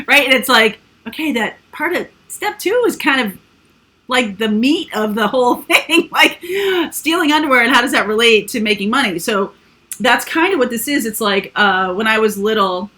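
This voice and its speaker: A woman's voice: fairly high pitch, expressive, normal speed, sharp tone. A woman giving a casual, rambling tarot reading full of fillers and asides. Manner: chatty, rambling, with frequent fillers. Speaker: tarot reader.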